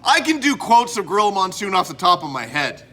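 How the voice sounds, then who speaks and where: High, lively-voiced man from Canada. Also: a little fast, crowd noise. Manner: rambling, self-interrupting, chatty. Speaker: host. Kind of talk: casual collectibles show-and-tell.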